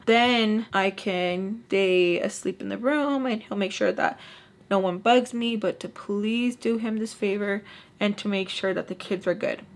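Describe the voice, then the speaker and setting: A young woman tells a story in a chatty, exasperated way and leans on "like" as she talks. Her voice sits at an ordinary mid pitch, with faint room ambience behind it. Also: a little hiss or hum. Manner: chatty, exasperated, heavy on "like", slips into Spanish phrases. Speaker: storytime vlogger. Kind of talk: casual storytelling.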